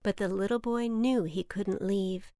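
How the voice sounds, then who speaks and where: A woman hosting a children's story podcast, narrating in a gentle, soft and soothing scripted style. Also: medium pitch, fairly even intonation, measured pace, dry recording, clean studio sound.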